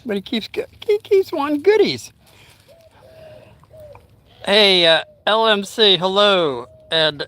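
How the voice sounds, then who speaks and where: High bright-voiced older man rambling. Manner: rambling, chatty, breaks off to talk to his dog and chat. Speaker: vlogger. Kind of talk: casual storytelling livestream.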